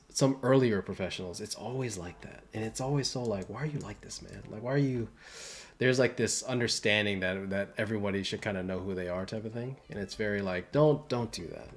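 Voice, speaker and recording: A man's voice: lowish voice, a little mellow. A young adult man talking casually on a livestream, rambling with many fillers and restarts. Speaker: livestream host and entertainment designer.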